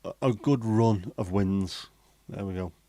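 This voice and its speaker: A man's voice: lowish voice, unhurried, dark tone, no room sound. A middle-aged man hosting a casual livestream chat, reading out viewer comments and answering them bluntly, swearing freely. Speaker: livestream host.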